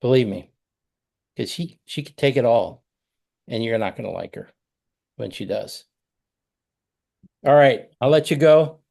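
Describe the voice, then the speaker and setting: Man, middle-aged, parenting coach, video call, conversational, acts out sample phrases, mid pitch. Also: lively intonation, measured pace, vocal fry, long pauses, mellow.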